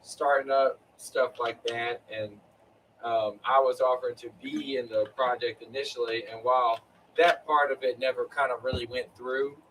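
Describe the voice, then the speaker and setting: A man's voice: mid-range voice, fairly even intonation, moderate pace, fairly bright tone, distant mic, slight background noise, rough recording. A man chatting casually on a live stream, rambling with lots of fillers. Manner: rambling, filler-heavy storytelling. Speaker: co-host of a live chat. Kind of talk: casual chat.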